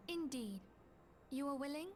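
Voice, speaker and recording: A woman voicing a calm, diplomatic leader in game dialogue, soft-spoken and earnest. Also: sits high, normal speed, a little hiss or hum. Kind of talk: voiced game cutscene dialogue.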